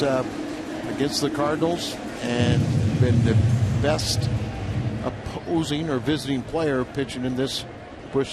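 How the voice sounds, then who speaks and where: A man's voice: medium pitch, heavy background noise. A man doing baseball color commentary from the booth, folksy and joking, with offhand asides. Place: broadcast booth. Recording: broadcast audio with loud crowd and ambience behind.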